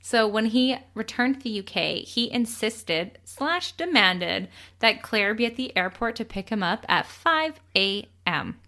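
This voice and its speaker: A young woman co-hosting a casual true crime podcast, chatty and quick to laugh, swearing casually as she tells the story. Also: fairly high pitch, lively intonation, sharp tone.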